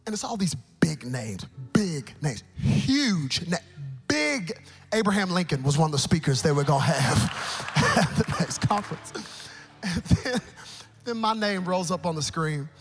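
A male pastor preaching a sermon at a live church service, with animated storytelling that acts out quotes. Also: on the high side, measured pace, soft background music.

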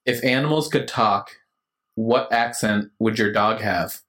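A man co-hosting a podcast in casual chat, easygoing and quick to laugh. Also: on the low side, a bit bright. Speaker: podcast host.

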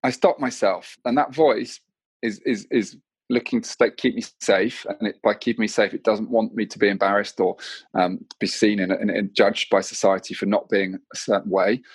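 A man's voice: fairly low pitch, steady tone, moderate pace, husky, no echo. A man in his thirties, a mindset coach, telling personal stories candidly and reflectively in a casual podcast conversation, often restarting his sentences. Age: 30s.

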